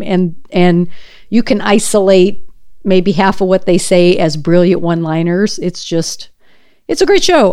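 A woman with a smooth, clear voice and middle pitch, talking casually. She is thoughtful and measured as she explains. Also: darkish tone. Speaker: podcast co-host. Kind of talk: casual chat.

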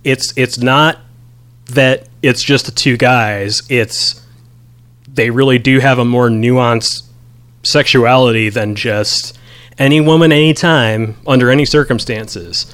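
A man's voice: medium pitch, fairly even intonation, slow, fairly bright tone, clear, resonant tone. A man in a casual podcast conversation about a movie, talking with many ums and reading lines from his notes. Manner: rambling, many ums, reads quotes aloud. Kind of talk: casual film discussion.

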